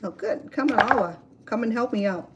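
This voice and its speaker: A woman chatting casually while cooking at a home grill outdoors, telling stories in an animated way with many fillers. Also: a little high, fairly quick, very noisy. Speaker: cooking vlogger.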